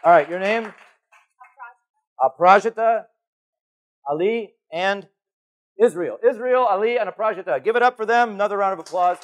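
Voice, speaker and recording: A man giving a conference keynote on stage, animated and playful as he calls volunteers up from the audience. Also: high voice, normal speed, long pauses, muffled recording. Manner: animated, calling to the crowd, playful. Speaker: keynote speaker.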